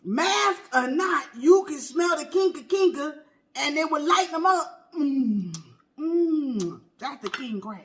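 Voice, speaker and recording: Brief: performer as a high, bright, sassy auntie who swoops all over while dishing gossip between bites. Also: slight background noise, exaggerated voice. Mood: gossipy. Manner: animated, talks between bites of food; exclamatory, drawn-out "baby", "child", "honey". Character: loud gossipy middle-aged auntie, woman. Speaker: comedy mukbang character. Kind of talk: comedic storytelling skit.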